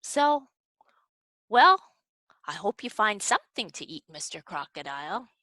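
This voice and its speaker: A woman hosting a children's library program, telling a story to young kids in an animated, coaxing way and asking them questions. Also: medium pitch, measured pace, no room sound, low-quality recording. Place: at home.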